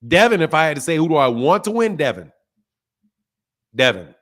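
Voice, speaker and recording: A high-pitched man hosting a boxing talk show, ranting in a loose, heated way. He repeats himself, swears freely and jabs at his viewers with blunt scorn. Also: big pitch swings, fairly quick, a bit bright. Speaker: boxing channel host. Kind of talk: heated casual boxing commentary.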